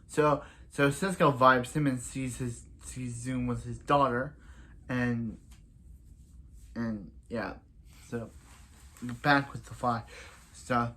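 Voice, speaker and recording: A man casually recapping a TV episode, rambling with lots of restarts and acting out characters' lines in quick asides. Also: mid-range voice, fairly even intonation, sharp tone. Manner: rambling, full of restarts and "so yeah". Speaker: TV episode reviewer.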